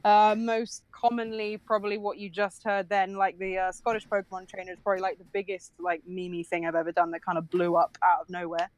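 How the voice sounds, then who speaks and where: A woman's voice: medium pitch, level tone, brisk, few pauses, no echo. A young woman from the UK, a voice actress guesting on a podcast, chatting casually and giggling, with many "like"s and "um"s. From United Kingdom. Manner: giggly, chatty, lots of fillers. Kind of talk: casual chat.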